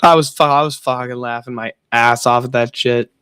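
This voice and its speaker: A man's voice: medium pitch, steady tone, moderate pace, sharp tone, clean tone, no echo. A young man streaming, telling a profane party story with frequent laughter. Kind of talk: casual chat.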